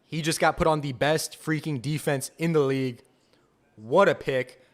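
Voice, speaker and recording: A young man hosting a live fan podcast, reacting to picks with excited, repetitive enthusiasm. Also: fairly high pitch, moderate pace. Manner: excited, enthusiastic, repeats himself. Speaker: podcast host.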